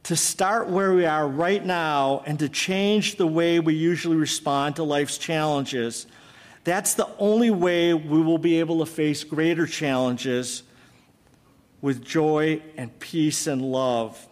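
Male preacher, sermon storytelling, slightly high voice, long hall reverb. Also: steady tone, takes it slowly. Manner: dramatic retelling, then earnest exhortation.

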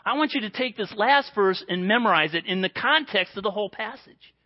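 A man preaching a sermon in an earnest way, dropping to a hushed voice for quoted prayers. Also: high-pitched, animated, fairly quick, dull audio.

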